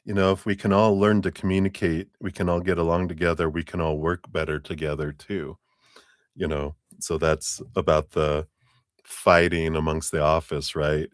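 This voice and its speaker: Man, very low voice, tarot reader on a live stream, chatty with lots of fillers, dry close sound. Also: dry recording. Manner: chatty, laughs often, many "you know" fillers.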